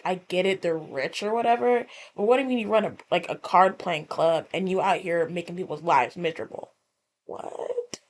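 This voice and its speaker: A woman, the video's editor, adding casual, incredulous commentary and rambling with lots of "like". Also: on the low side.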